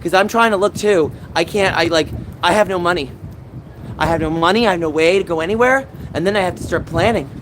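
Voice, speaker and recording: A gaming livestreamer in San Francisco talks briskly in a high-pitched voice over background noise. He reads live chat and chats casually with viewers, venting in a rambling, aggrieved way.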